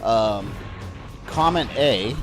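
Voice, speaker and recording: A man's voice: medium pitch, expressive, very slow, music in the background. A man from Florida chatting casually and rambling while streaming a video game, with the odd swear word. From Florida, USA. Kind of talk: casual gaming livestream chat.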